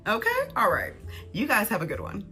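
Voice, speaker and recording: A woman from the United States giving casual, animated and sarcastic commentary. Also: medium pitch, brisk, over loud music. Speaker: social media commentator.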